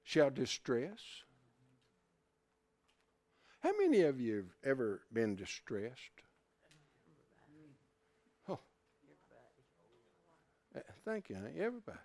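An older man preaching a sermon in a folksy way, swinging from hushed asides to loud shouts. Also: mid-range voice, huge pitch swings, measured pace, pauses often, no room sound.

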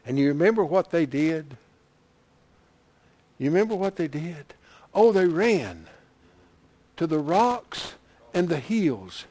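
A man preaching a sermon, moving from quiet retelling to loud, impassioned shouting with chuckles. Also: on the high side.

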